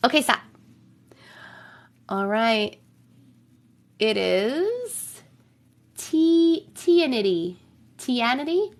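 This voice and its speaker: A young woman hosting a livestream, reading viewers' stories aloud and chatting casually, her voice a bit rough from a cold, humming filler syllables while she waits. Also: high voice, sing-song, slow pace, pauses often. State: voice rough from getting over a cold.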